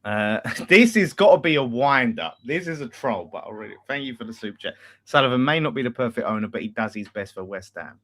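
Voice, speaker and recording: Bloke hosting a fan chat, reading out messages, laughs a lot, normal mid voice. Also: male voice, medium pitch, expressive, a little fast, a bit bright. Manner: chatty, laughs often, reads messages aloud. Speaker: fan channel host reading super chats. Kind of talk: casual post-match chat.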